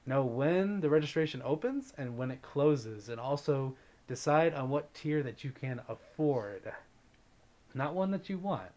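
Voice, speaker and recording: A man's voice: medium pitch, animated, unhurried, a little mellow. An upbeat man hosting a casual livestream, chatting easily and reading out viewer comments. He greets viewers by name and keeps the tone light and friendly. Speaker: livestream host.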